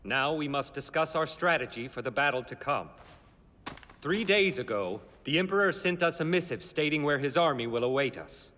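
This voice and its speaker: A man's voice: fairly high pitch, lively intonation, bright, forceful tone. An actor playing a scheming noble lord who turns into a gushing, baby-talking father around his little son, in an English anime dub. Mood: grave. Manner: grave, measured in council. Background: music.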